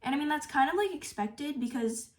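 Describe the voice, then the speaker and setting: A young woman gushing in a casual review, bubbly and excitable, with "like" all through her talk. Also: high voice, a little fast. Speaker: book reviewer.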